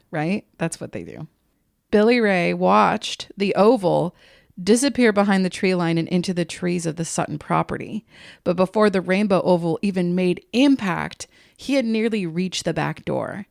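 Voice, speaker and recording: Woman podcast host, low gravelly voice, dry close sound; casual profane storyteller. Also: a little mellow, no room sound. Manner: giggly, profane, jokey retelling with quick asides.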